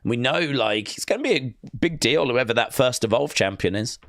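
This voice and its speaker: Male streamer, mid-pitched, dry close mic, rambling and reading out chat. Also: expressive, fairly quick, a bit bright, dry recording. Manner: chatty, reads viewer comments aloud. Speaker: live stream host. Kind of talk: casual watch-along chat.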